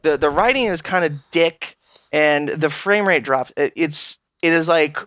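With a slightly high voice and measured pace, a podcast co-host swears his way through an animated rant about a video game. It's casual in tone, recorded with no room sound.

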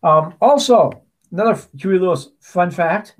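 Chatty man with a slightly high voice. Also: expressive, measured pace. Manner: chatty storyteller, many restarts and asides. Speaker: podcast co-host. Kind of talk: casual chat.

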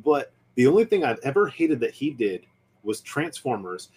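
A man's voice: mid-range voice, big pitch swings, normal speed, a little mellow, husky. A man hosting a podcast in casual chat, speaking in an opinionated, ranting way. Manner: opinionated, ranting about nerd movies and shows. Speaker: podcast host.

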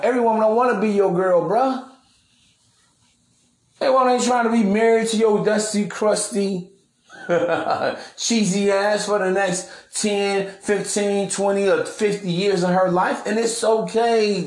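A man's voice: high voice, roomy sound. A man hosting a podcast in a brash, preachy monologue, full of slang and swearing. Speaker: podcast host. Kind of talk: casual monologue.

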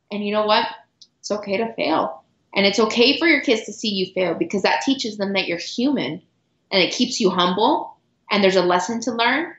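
A middle-aged woman guest telling a personal story earnestly, with halting restarts and repeated words. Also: mid-range voice, fairly bright tone. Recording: roomy, dull lo-fi sound.

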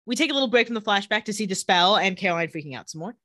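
Woman podcast co-host, bright sparky voice, sarcastic recapper, dry close mic. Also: medium pitch, animated, no room sound. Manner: sarcastic asides while retelling scenes, quick laughs. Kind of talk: casual chat.

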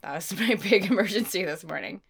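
A woman co-hosting a podcast in casual chat, telling animated stories full of "like" and "you know" and laughing often. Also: mid-range voice, fairly quick, creaky, slight background noise. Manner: animated storyteller who laughs often and acts out bits; frequent fillers like "like" and "you know". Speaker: podcast co-host.

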